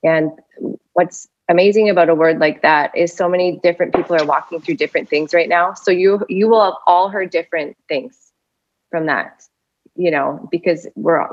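A woman hosting a podcast, talking casually with affirming remarks and restarts. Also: deep voice. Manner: warm affirming, rambling restarts. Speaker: podcast host. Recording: dull lo-fi podcast audio.

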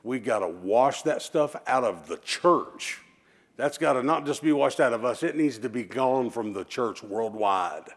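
A man's voice: medium pitch, animated, measured pace. Male pastor preaching with emphasis, folksy between scripture readings, mid-range voice. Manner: emphatic preaching with call-and-response. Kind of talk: sermon.

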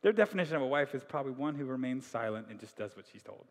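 A man preaching a sermon in an animated, joking way, acting out the figures of the story. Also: medium pitch, very fast, long reverb tail. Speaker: pastor.

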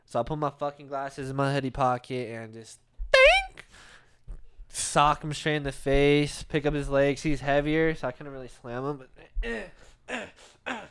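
A man's voice: mid-range voice, normal speed, a little hiss or hum. A man casually telling a profane street-fight story, acting out the people he quotes. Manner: profane, animated storyteller who acts out quotes.

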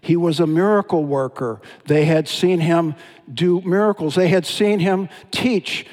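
A pastor preaching a sermon, telling Bible stories in an animated, dramatic way. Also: male voice, fairly high pitch, unhurried. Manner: storytelling, animated with dramatic retellings. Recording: long hall reverb.

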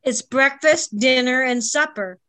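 A woman's voice: high voice, measured pace, pushed and bright, no room sound. A woman from a rural area, answering a question in class in a plain, matter-of-fact way. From rural northeast Ohio. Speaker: class participant.

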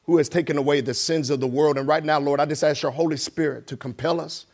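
A man's voice: a little high, steady tone, fast, darkish tone. A middle-aged man, a guest preacher, speaking in a church in a plain, conversational way that grows more emphatic as he reads scripture. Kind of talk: sermon with prayer and scripture reading. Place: church sanctuary.

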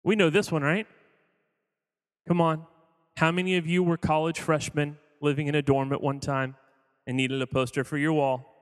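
A pastor, a man with a fairly high voice, preaches in a loose, conversational way, making small jokes and quizzing his congregation. His words ring out with a long reverb from the church hall around him. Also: flat delivery, normal speed, pauses often, clear, resonant tone. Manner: conversational, jokey, quizzes the audience. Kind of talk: sermon.

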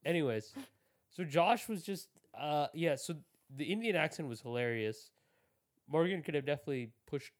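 Laughing, joking podcast guy. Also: mid-range voice. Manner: joking, profane, laughs often. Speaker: podcast co-host. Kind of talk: casual chat.

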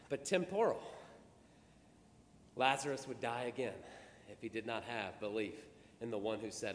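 A man preaching a sermon as pastor, swinging from hushed, slow words to loud, high outbursts. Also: expressive. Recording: long reverb of a church hall.

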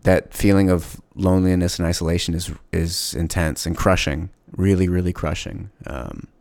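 Low gravelly man, candid and halting. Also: fairly even intonation, darkish tone, dry recording. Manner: candid, reflective, halting with many restarts. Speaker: podcast host. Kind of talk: casual solo podcast monologue.

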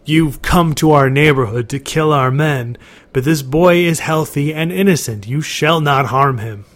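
A man's voice: fairly high pitch, measured pace, lightly acted. A man voicing a frail, protective old woman in a storybook reading, speaking firmly and with command. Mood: stern. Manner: firm, commanding.

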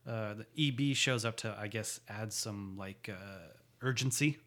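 A man's voice: fairly low pitch, measured pace, a bit bright. A man in casual chat, recapping a TV episode with a co-host, laughing often and slipping into character voices. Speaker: podcast co-host.

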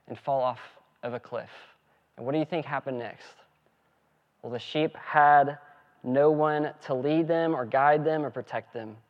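A man preaching a sermon in a mid-range voice, earnest and steady as he walks through the text. The recording is a little muffled, with a dull edge to the sound. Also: mid-range voice. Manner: earnest preaching with spoken prayer. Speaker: pastor.

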